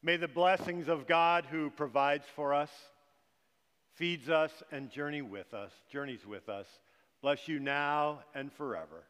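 A male pastor leading a prayer and giving the benediction in a measured, solemn way. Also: on the high side, a bit bright. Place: church sanctuary. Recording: church reverb.

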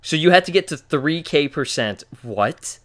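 A young man giving excited, profanity-laced commentary on his playthrough. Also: on the high side, normal speed. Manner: hyped, swears a lot, frequent exclamations. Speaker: let's play gamer. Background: faint game music.

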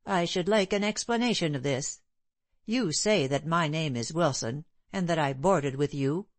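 A woman reading a cold, composed gentleman. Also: deep voice, normal speed, no room sound, natural voice. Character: calm, stern gentleman with a hard voice.

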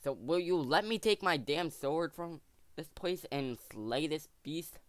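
A man hosting a let's play video, thinking aloud to his viewers in a jokey, excitable way. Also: a little high, unhurried, no room sound. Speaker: gaming channel host.

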